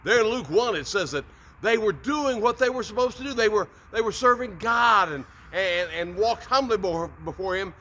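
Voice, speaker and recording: Upbeat male preacher, folksy devotional host, high and bright. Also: lively intonation, moderate pace, a little hiss or hum. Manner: upbeat, folksy, repeats words. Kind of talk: short devotional talk.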